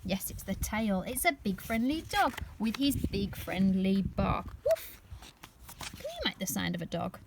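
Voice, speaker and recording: A woman nursery teacher reading a picture book aloud to young children, animated and expressive, pausing to ask them questions. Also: mid-range voice, creaky, noisy background.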